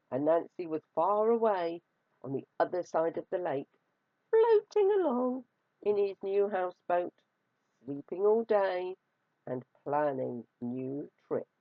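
A woman reading a children's storybook aloud, expressive and drawing out words for effect. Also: fairly low pitch, no echo. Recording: dry, slightly dull recording.

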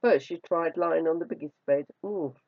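In a mid-range voice, a storyteller gives an expressive, stretched-out reading of a fairy tale. The dull, dry recording has no echo.

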